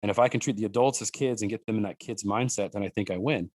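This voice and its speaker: A man telling hunting-family stories in an animated, rambling way, with restarts and fillers. His voice sits low for a man. The sound is dry and close, with no room echo. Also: fast talker. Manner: animated storyteller who acts out his daughters' lines in a higher voice. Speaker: guest, wild game cook and hunter. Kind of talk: casual podcast conversation.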